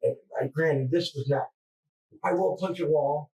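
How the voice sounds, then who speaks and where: A man confessing under police interrogation, halting and distressed, stammering through restarts. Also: a little high, a little mellow. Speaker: murder suspect under interrogation. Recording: distant mic in interrogation room.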